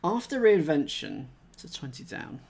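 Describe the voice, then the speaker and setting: A man's voice: on the high side, big pitch swings, unhurried, vocal fry, a little mellow, breathy edge. A man thinking aloud as he solves a cryptic crossword live, chatting with viewers and laughing at himself. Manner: chatty, reads chat aloud, self-mocking laughs.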